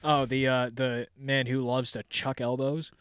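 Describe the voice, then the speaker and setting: A man's voice: mid-range voice, little pitch movement, measured pace, a bit bright, clear, resonant tone, no echo. A young man co-hosting a podcast, chatting loosely about hockey, cursing and laughing often. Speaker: podcast co-host. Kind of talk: casual sports chat.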